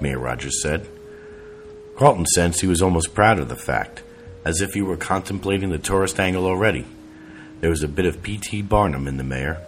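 Very deep-voiced male audiobook narrator. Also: expressive, a little fast, slight background noise.

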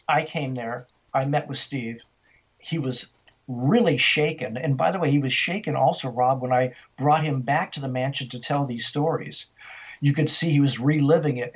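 Here the storytelling interview guest, an older man, has a medium-pitched voice with a breathy edge. He acts out the conversations in his vivid tales, and the audio is muffled.

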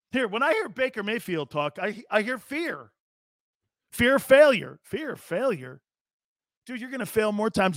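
A man's voice: sits high, a bit bright, no room sound, studio quality. A man in his fifties hosting a live sports talk show, ranting in a brash, sarcastic and blunt way.

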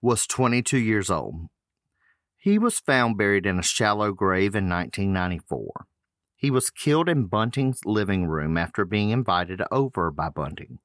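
Low-voiced man reading case notes. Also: very animated, moderate pace, fairly bright tone, dry recording, clean studio sound. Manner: reads from notes with loose asides and restarts. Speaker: podcast host.

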